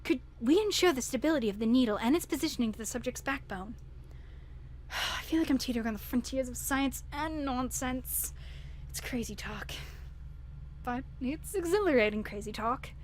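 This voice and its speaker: A woman's voice: high-pitched, lively intonation, normal speed, a little hiss or hum. A woman putting on an accent to voice a female scientist reading aloud a letter about a daring idea. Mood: earnest. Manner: put-on accent, earnest and wondering.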